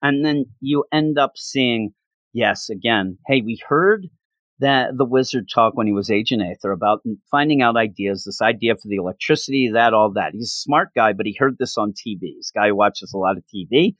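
A man in casual chat, excitedly recapping a comic book issue in a rambling way. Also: lowish voice, moderate pace, dry recording. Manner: enthusiastic, rambling recap with frequent laughs.

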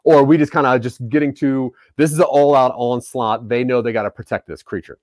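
A man casually leading a creative story brainstorm, talking in an animated way and often jumping into quick acted bits. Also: mid-range voice, no room sound, studio quality.

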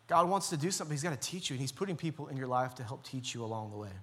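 A man's voice: mid-range voice, expressive, very fast, a bit bright, husky. Earnest male pastor preaching a sermon. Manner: earnest, repetitive, urging. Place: church.

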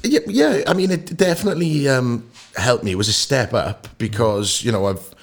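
A Welsh actor in his thirties, a guest in a casual podcast interview, telling lively anecdotes. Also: medium pitch, normal speed, creaky. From Wales. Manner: animated storyteller who acts out anecdotes.

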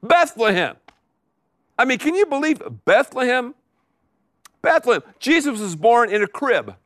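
A middle-aged pastor preaching a sermon to a live congregation, with animated delivery and emphatic repetition. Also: male voice, very high-pitched, unhurried, no room sound, clean studio sound.

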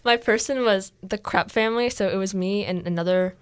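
A woman co-hosting a casual radio show, chatty and quick to laugh, talking into a studio microphone. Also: mid-range voice, clear, resonant tone. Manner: giggly, chatty. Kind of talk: casual chat.

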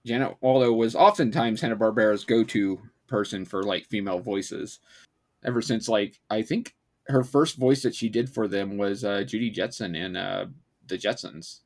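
A man co-hosting a podcast, talking casually in a chatty, halting way with frequent laughs. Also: on the low side, a little mellow. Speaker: podcast co-host.

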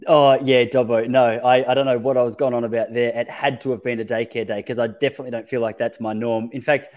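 Man, podcast host, mid-pitched voice, relaxed and reflective, casual chat. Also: quick pace.

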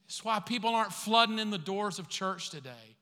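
A man's voice: high-pitched, lively intonation, fairly quick, bright, forceful tone. A man preaching a sermon as pastor, conversational and acting out the voices he quotes. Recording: long hall reverb.

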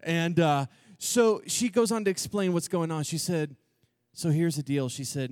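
A man with a notably high voice tells a comic story to a room of students, quick and animated, slipping in and out of the voices of the people in it. The sound is close and dry, with almost no room around it. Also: no echo. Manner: animated, quick, acts out quoted dialogue. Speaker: youth camp speaker.

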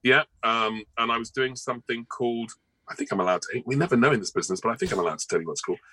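A man's voice: mid-range voice, rapid-fire, sharp tone, no echo, rough recording. A male actor chatting as an interview guest, rambling along with many ums and restarts. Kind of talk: casual interview chat.

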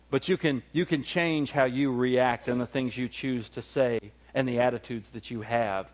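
A male pastor, preaching a sermon, swinging from loud, high peaks down to low, quiet stretches and calling for "amen" from the room. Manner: call-and-response preaching, rises to loud peaks then drops low.

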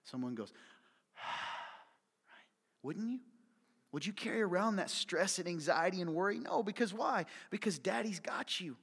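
A man preaching a sermon as pastor, passionate, dropping to hushed near-whispers and then rising to loud, urgent appeals. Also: high voice, lively intonation, normal speed, creaky, slightly rough. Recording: reverberant hall.

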